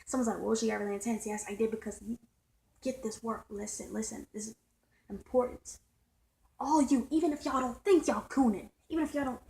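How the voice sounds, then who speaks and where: A woman's voice: fairly high pitch, gravelly, darkish tone, low-quality recording. A woman vlogging in a casual, emphatic monologue, repeating and circling back over her points. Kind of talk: casual ranting monologue to viewers.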